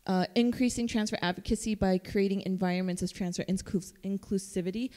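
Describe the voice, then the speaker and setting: A woman admissions counselor giving a chatty, animated conference presentation, full of fillers and playful quoted voices. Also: medium pitch, brisk. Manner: jumps into playful character voices for quoted texts. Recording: long reverb of a conference room.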